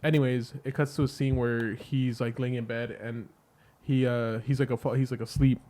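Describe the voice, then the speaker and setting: A man's voice: mid-range voice, flat delivery, normal speed, warm tone, a little hiss or hum. A man casually retelling a film plot on a podcast, rambling with lots of "like" and swearing. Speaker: podcast co-host. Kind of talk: casual movie review chat.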